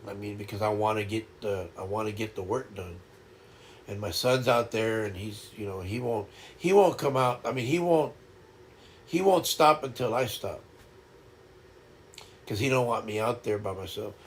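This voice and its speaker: Older guy chatting on his stream, gravelly voice, slow and thoughtful, keeps restarting his sentences. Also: on the low side, a little hiss or hum. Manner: reflective, halting, repeats words as he restarts. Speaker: livestream host. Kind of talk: casual livestream chat.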